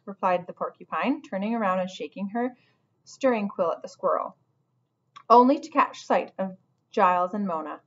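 A woman teacher reads a storybook aloud in a patient, instructive way, stopping to guide her listeners. Her voice sits at an ordinary pitch. The recording is dull and lo-fi. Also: normal speed. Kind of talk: storybook read-aloud with asides to students.

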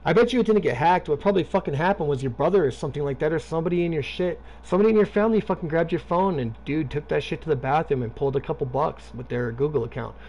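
A man's voice: fairly high pitch, quick pace, few pauses, a little mellow. A man streaming a video game, chatting casually and rambling with lots of swearing. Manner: profane, rambling, talking to a friend. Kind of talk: casual gaming stream chat.

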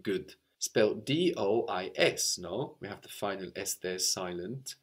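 A man with a somewhat low voice leads a spoken language lesson. He explains patiently, one step at a time, and often checks in with the learner by ending on a questioning "no?". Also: expressive, a little slow. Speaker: language teacher.

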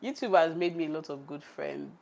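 A woman's voice: low voice, brisk, creaky, darkish tone. Chatty Nigerian woman cooking on a livestream. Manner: chatty, laughs often, reads out the live chat. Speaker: cooking vlogger. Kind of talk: casual chat on a cooking livestream. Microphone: camera on a tripod.

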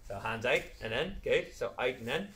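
A man's voice: mid-range voice, expressive, normal speed, vocal fry, fairly bright tone, roomy sound. A man leading a live children's PE class, giving playful step-by-step exercise cues. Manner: upbeat, playful, step-by-step cueing. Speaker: children's PE coach. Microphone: camera set back across the room.

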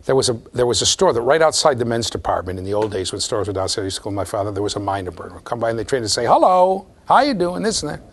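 A man giving a university lecture, animated, often checking in with the students and repeating his words. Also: on the low side, very fast, few pauses. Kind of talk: classroom lecture.

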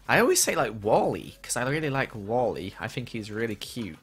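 A man's voice: mid-range voice, very animated, fairly quick, fairly bright tone, slightly rough. A young man chatting casually on a gaming livestream and answering viewer questions as he plays.

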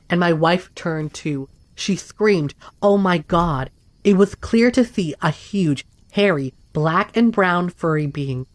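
A woman reading first-person accounts aloud in a steady, even scripted narration. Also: lowish voice, dry recording. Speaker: story narrator.

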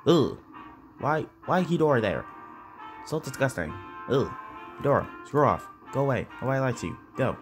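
A man voicing a boastful, grumpy male giant monster lizard in a toy reenactment reaction video, excitable and complaining. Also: medium pitch, normal speed, music in the background, close to an everyday voice. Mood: disgusted.

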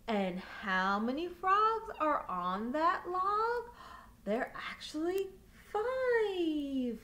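A woman leading a toddler storytime, reading rhymes with sound effects and hushed asides. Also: high voice, very animated, takes it slowly. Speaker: storytime leader.

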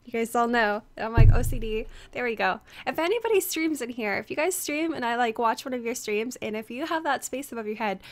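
A woman's voice: on the high side, animated, brisk, hardly any pauses, noisy background. A young woman streaming a game and chatting with viewers, her voice strained from screaming the day before, full of fillers as she greets people by name. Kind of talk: casual chat with viewers. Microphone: headset.

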